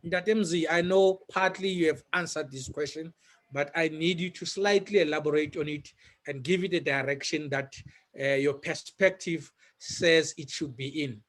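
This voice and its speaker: A South African man moderating a Q&A, asking questions in a deliberate, hesitant way. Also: a little high, fairly even intonation, fairly bright tone.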